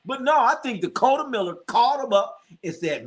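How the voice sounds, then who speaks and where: A man with a very high-pitched, sing-song voice hosts a live sports stream, talking fairly quickly with few pauses. Rambling and casually profane, he reacts to scores, talks to his chat, and tells jokey anecdotes.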